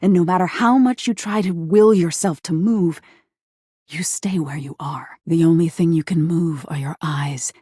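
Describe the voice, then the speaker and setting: Nightmare, a husky dark spirit. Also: female voice, lowish voice, normal speed, dry recording, studio quality. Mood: ominous. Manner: narrates menacing scenes to the listener in the second person. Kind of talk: second-person game narration.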